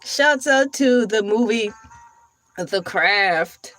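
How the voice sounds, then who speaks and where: A woman's voice: medium pitch, animated, a bit bright, soft background music. A woman hosting a casual livestream, chatting with viewers and reading comments. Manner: chatty, drawn-out, talks to viewers. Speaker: livestream host.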